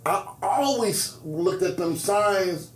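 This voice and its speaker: A man's voice: high-pitched, slow pace, roomy sound. A man hosting a casual podcast chat, telling stories with lots of swearing and laughter. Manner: animated storyteller, swears freely, laughs often. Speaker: podcast host and comedian.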